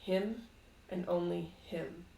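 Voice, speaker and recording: A woman's voice: lowish voice, takes it slowly, vocal fry, dark tone, a little hiss or hum. A woman voicing a distraught, defiant young bride. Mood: resolute. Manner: pleading, then desperate and frantic. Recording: echoey room.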